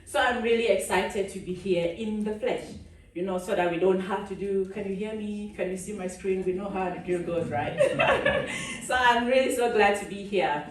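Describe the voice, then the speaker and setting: A woman from Cameroon giving a lively conference keynote, laughing often and chatting with the audience on stage. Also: medium pitch, normal speed. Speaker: keynote speaker. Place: large conference hall. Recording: echoey hall, speaker far from the mic.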